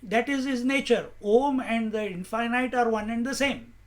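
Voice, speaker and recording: Calm and measured, a man with a remarkably high voice teaches on spiritual matters, posing rhetorical questions and landing each point with emphasis.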